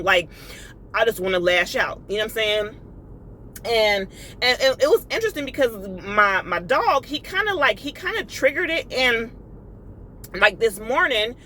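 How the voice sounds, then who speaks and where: Woman sharing a heartfelt spiritual vlog, bright voice, emotional and conversational, light ambient noise. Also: a little high, low-quality recording. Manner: emotional, confiding, many fillers and repeats. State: tearful. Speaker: inspirational vlogger. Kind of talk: casual spiritual vlog monologue.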